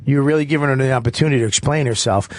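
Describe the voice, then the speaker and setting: A man visiting a radio talk show as a comedian guest, exasperated and quick to laugh. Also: medium pitch, dry recording.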